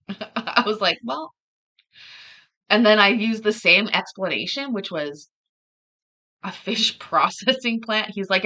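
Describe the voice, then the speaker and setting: A woman's voice: mid-range voice, animated, moderate pace, sharp tone. A woman hosting a livestream, chatting casually and rambling, often laughing between thoughts. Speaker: livestream host.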